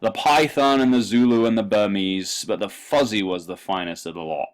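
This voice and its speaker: A man putting on a Cockney accent to play a drunk man reciting a poem in a loud, singsong recital. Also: fairly low pitch, normal speed, close to an everyday voice. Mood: boastful. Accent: put-on Cockney.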